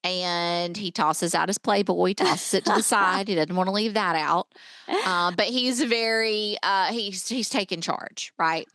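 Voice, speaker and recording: A woman's voice: mid-range voice, measured pace, a bit bright, no room sound. A woman co-hosting a movie podcast, chatting casually and recapping scenes with many fillers. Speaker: podcast co-host.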